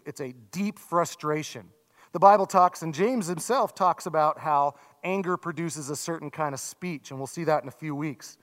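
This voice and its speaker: A man in his thirties or forties, a pastor giving a sermon in a conversational, self-deprecating way with animated asides. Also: a little high. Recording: long reverb from a large hall.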